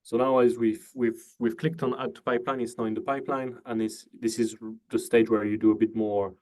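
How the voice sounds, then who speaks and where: A man of medium pitch hosts a casual interview over a video call, his delivery flat, brisk and a little mellow. He's easygoing, pads the gaps with "you know" and "uh," and tends to ask leading questions.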